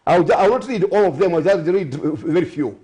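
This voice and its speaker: A man's voice: fairly high pitch, expressive, fast talker, dark tone. A man with a Zambian accent, a guest on a breakfast talk show, speaking in a rambling way with frequent self-corrections and sarcastic asides. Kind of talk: studio talk show discussion.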